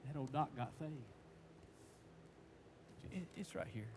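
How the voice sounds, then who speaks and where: A man preaching a sermon, stammering and repeating words in folksy, emphatic speech that swings from loud to hushed. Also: fairly high pitch, expressive, slow pace. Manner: emphatic, swinging between shouts and hushed tones. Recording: long reverb, faint background noise.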